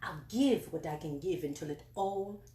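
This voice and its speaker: A woman voicing a gentle, wise male blackbird painter in a soft, slow storybook voice. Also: fairly low pitch, slight background noise, pitched below the performer's own voice, natural voice. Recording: echoey room.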